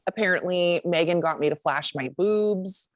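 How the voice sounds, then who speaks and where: A woman's voice: fairly low pitch, normal speed, no room sound. A young adult woman co-hosting a podcast, telling a story in casual chat, swearing freely and acting out what people said. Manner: lively storyteller who swears and acts out quotes. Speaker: podcast co-host.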